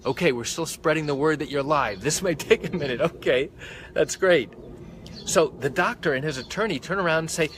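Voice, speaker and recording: A man's voice: a little high, animated, moderate pace, fairly bright tone, a little hiss or hum. A man, a malpractice lawyer, explaining a legal point on a live stream, counting off points one by one, into a phone held close. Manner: methodical, counts points off by number.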